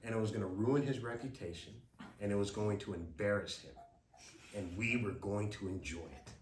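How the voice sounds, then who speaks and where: A man with a lowish voice tells a dramatic story from his childhood as a speech, at a moderate pace and in vivid, dramatic style. The recording sounds roomy and distant, with a little hiss or hum.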